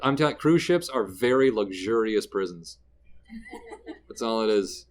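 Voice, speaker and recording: A man's voice: on the low side, unhurried. A man from Canada, a comedian guest in a casual interview, telling stories and acting out the people in them. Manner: animated, acts out quoted people mid-story.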